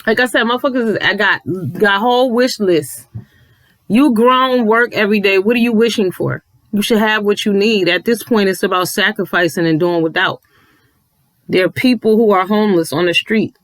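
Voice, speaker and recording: A man's voice: high voice, normal speed, fairly bright tone, no room sound, low-quality recording. A man ranting to viewers from home late at night, emphatic and preachy, cursing and repeating himself for effect. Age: adult with a child. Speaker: commentary vlogger.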